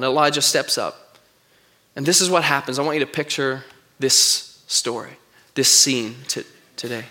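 Male pastor, expressive sermon storyteller, high and bright. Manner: expressive storytelling, reads scripture aloud.

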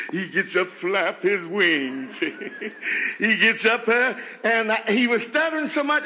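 Stuttering preacher, high bright voice. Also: male voice, long reverb tail, highs cut off. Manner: folksy storytelling with laughs; voice leaps high in bursts. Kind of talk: sermon. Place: chapel service.

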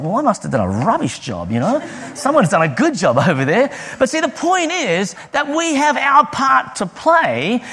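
A man preaching a sermon, telling personal stories with lively delivery and acting out the people he quotes. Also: very high voice. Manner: lively storytelling, acts out quoted voices.

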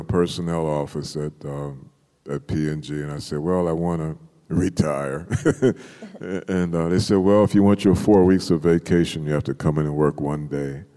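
Brief: older male poet, very low and mellow, animated storyteller, long hall reverb. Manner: animated storyteller, acts out quotes with laughter. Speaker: poet, interview guest. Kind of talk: storytelling in an interview.

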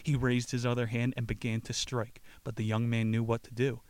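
A man's voice: mid-range voice, level tone, fairly quick, a little mellow. Profane, joking male podcast host. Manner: profane, joking, laughs often. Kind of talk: casual book-summary talk.

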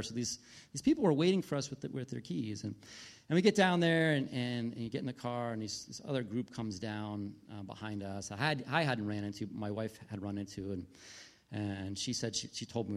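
With a brisk, lively mid-range voice, a man in his thirties who pastors a church and has a family preaches conversationally. He tells stories, often restarting sentences and dropping in side remarks.

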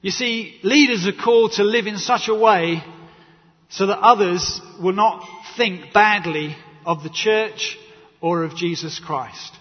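A man preaches in a high, slightly husky voice, his words carrying a long reverb through a church hall. He tells stories with animated energy and acts out what others said. The recording sounds dull and muffled. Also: unhurried. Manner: animated storytelling with acted quotes and laughter. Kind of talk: sermon.

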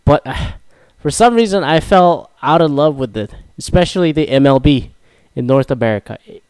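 A man's voice: medium pitch, darkish tone, dry recording. A young man from Korea, hosting a casual solo talk and ranting profanely with self-mocking asides. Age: young adult.

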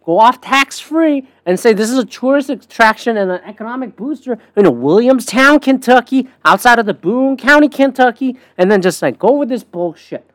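A woman's voice: on the high side, normal speed, few pauses, no room sound. A woman podcast host delivering a casual, profane, sarcastic rant. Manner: profane, sarcastic, animated ranting with swings between loud and muttered.

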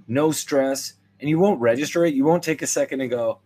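Older man, podcast host, wry comic rambling, mid-pitched voice. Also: a little fast, few pauses, a little hiss or hum. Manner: rambling, wry, animated swings into quoted voices. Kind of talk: solo comedic monologue.

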